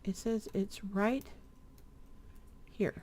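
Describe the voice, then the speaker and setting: A woman's voice: mid-range voice, steady tone, extremely slow, a little mellow, slight background noise. An older woman chatting casually while playing a game with her husband, often reading quest text aloud. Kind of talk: casual gameplay chat.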